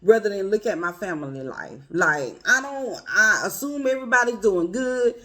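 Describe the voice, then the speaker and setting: A woman speaking earnestly and personally to her viewers, calling them y'all and family, with a quiet, emotional edge. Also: mid-range voice, expressive, moderate pace. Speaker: vlogger. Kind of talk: heartfelt personal talk to camera.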